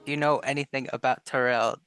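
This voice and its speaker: A man's voice: mid-range voice, fairly even intonation, quick pace, fairly bright tone, faint music behind. A man playing a tabletop game, talking casually and a bit hesitantly. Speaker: player.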